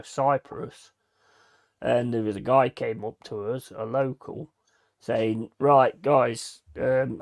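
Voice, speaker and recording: Telling holiday stories on his live stream, this host speaks at a medium pitch with a creaky quality. His casual chat is full of free swearing and impressions of what others said.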